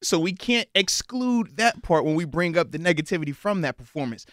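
A man's voice: fairly high pitch, animated, a little fast, a bit bright, no echo, clean studio sound. A man co-hosting a casual sports talk show, building his case with pointed questions. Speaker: sports podcast co-host.

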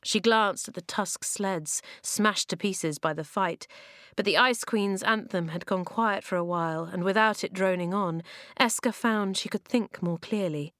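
A woman narrating a children's storybook in a measured way, slowing down for emphasis, on a close microphone. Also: medium pitch, a bit bright, no room sound. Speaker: audiobook narrator.

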